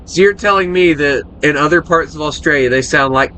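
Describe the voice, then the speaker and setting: A man's voice: a little high, a little fast, pushed and bright, a little hiss or hum. An American man giving casual, joking commentary while he plays a flight game, chatting and rambling between moves. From United States. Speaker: gaming streamer.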